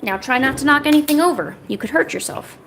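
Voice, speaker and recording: A woman's voice: high voice, lively intonation, fast talker, a bit bright, a little hiss or hum. A woman chatting casually on an art livestream, playfully scolding her cat in a mock-stern voice.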